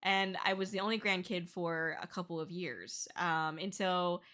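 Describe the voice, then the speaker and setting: Bright-voiced young woman streamer. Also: fairly low pitch, moderate pace, slight background noise. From Canada. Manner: chatty, thanks viewers, swears casually. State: tearful and shrieking with excitement. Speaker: VTuber streamer. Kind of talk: casual livestream chat reading chat.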